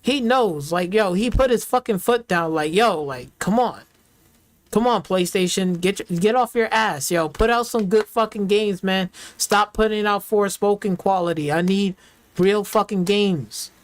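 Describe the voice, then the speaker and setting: A man's voice: high-pitched, normal speed, dry recording. A man ranting in heated, profane slang as a reaction streamer, repeating himself and trash-talking rivals.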